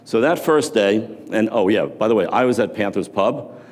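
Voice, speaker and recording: Deep-voiced former floor trader from New York telling profane stories in a motivational speech, recorded with long hall reverb. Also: male voice, animated, moderate pace, darkish tone. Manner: casual storytelling with profanity.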